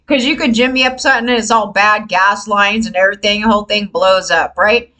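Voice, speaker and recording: A woman vlogger ranting casually to camera, frustrated and animated, swearing freely and mimicking others. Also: medium pitch, brisk, poor audio.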